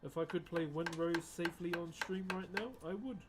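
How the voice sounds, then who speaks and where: Laid-back New streamer, talking to his viewers as he works; a touch higher than average. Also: steady tone, normal speed, heavy background noise. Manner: easygoing, chatty, addresses viewers as guys and bro. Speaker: live streamer and wood carver. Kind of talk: casual live-stream chat while carving.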